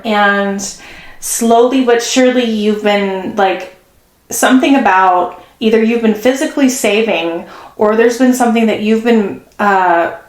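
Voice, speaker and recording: A woman of middle pitch giving a casual tarot reading, talking in a chatty, effusive way. She is recorded in a room with noticeable echo, so her voice rings off the walls. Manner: chatty and effusive, gasps and acts out quotes. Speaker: tarot reader. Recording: echoey room.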